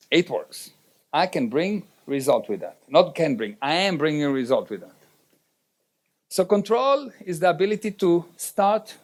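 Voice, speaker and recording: High-voiced man giving a motivational seminar. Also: a little mellow. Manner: direct, checks in with the audience. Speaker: seminar speaker.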